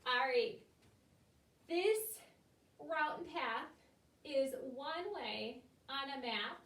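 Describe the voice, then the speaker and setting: A woman teacher with a fairly high voice walks young children through a recorded lesson one step at a time. She speaks patiently and clearly. She stands a little back from the mic in a room with a lot of echo. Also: takes it slowly, fairly bright tone, far from the mic. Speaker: elementary school teacher. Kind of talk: recorded remote classroom lesson.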